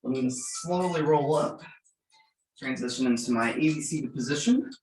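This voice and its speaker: A man in his thirties leading a gentle yoga class, giving calm cues for breath and movement with light joking asides. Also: mid-range voice, moderate pace, faint music behind. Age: 30s. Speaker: yoga instructor. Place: church room. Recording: roomy, from far off the mic.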